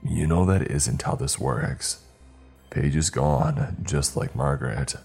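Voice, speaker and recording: A man voicing a grieving middle-aged father who speaks in a wavering, broken monotone. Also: moderate pace, husky, faint music behind, heavily acted. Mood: resigned. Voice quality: wavering baritone.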